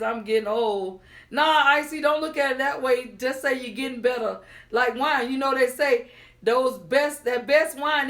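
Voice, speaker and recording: A woman hosting a casual livestream, chatting and greeting viewers by name as she reads their comments aloud. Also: a little high. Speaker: livestream host.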